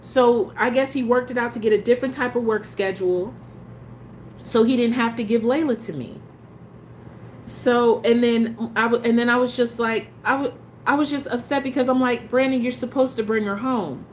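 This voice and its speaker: A woman's voice: fairly high pitch, fairly even intonation, normal speed, a little hiss or hum. Frustrated woman venting in a vlog. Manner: frustrated, emphatic retelling with many restarts. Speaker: parent telling her story. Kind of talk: casual vlog storytelling.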